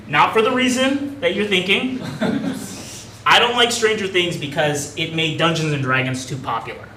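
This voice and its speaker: A young man with a fairly high voice does a stand-up set on a club stage, rambling casually and poking fun at himself. He's picked up by a distant mic in an echoey club room, with audience noise and laughter around him.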